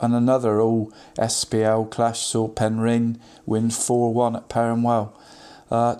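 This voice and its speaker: A man's voice: medium pitch, warm tone. A man giving a casual local football results roundup, constantly saying "mate" with frequent ums and restarts.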